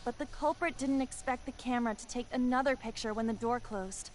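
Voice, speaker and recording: A woman's voice: fairly high pitch, brisk, a little hiss or hum, natural voice. A woman voicing an upbeat, earnest teenage girl pianist in an English game dub. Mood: earnest, solemn. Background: game music.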